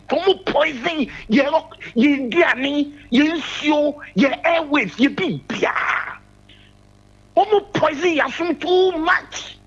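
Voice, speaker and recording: A man's voice: extremely high pitch, fairly bright tone, husky, dull audio. A man calling in to a radio show, talking politics emphatically and repeating his points. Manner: emphatic, repeats key phrases. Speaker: caller. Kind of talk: political call-in commentary.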